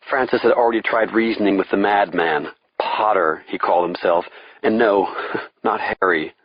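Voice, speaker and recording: A man's voice: lowish voice, normal speed, breathy edge, no room sound, muffled recording. A man giving a dramatic, tense scripted thriller narration. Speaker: audiobook narrator.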